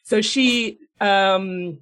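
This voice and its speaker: A blunt, foul-mouthed woman on a casual podcast, her voice sitting at an ordinary middle pitch. She tells the story in an animated way, swearing freely and breaking into laughter between phrases. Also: very slow. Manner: laughs often mid-sentence. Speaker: podcast co-host. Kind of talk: casual chat, retelling a TV episode.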